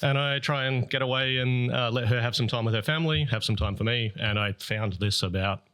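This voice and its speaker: A man's voice: medium pitch, a little fast, a bit bright. An Australian man chatting casually as a podcast guest, laid-back and self-deprecating with frequent laughs. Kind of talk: casual chat.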